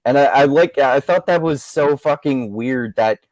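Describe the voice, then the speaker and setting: A man's voice: medium pitch, normal speed, darkish tone, dry recording. A man co-hosting a book club podcast, asking questions and laughing often. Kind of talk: casual podcast chat.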